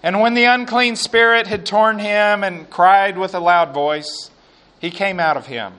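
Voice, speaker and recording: A man preaching a sermon and reading scripture aloud, slow and emphatic, with quiet asides. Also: high-pitched, smooth.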